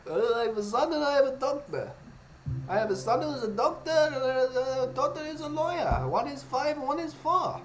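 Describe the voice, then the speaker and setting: A man's voice: very high voice, moderate pace, few pauses, a bit bright, a little hiss or hum, voice pushed up. A man voicing a boastful father who brags about his two young children in a joke.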